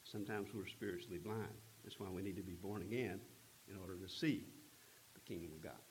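A man preaching a sermon, retelling a scripture story in an earnest, unhurried way with frequent pauses. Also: deep voice, slight background noise, low-quality recording. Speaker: pastor.

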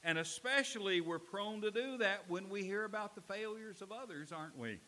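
Pastor, male, sermon delivery: bright, higher-pitched preaching voice, storytelling that rises to emphatic calls, faint hiss on the recording. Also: lively intonation, moderate pace, low-quality recording.

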